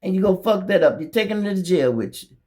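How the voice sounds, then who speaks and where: A man's voice: sits high, lively intonation, fast talker, a little mellow. A man from Memphis, hosting a blunt, profane commentary monologue that mocks its target. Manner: blunt, profane, mocking, acts out others' voices. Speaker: show host.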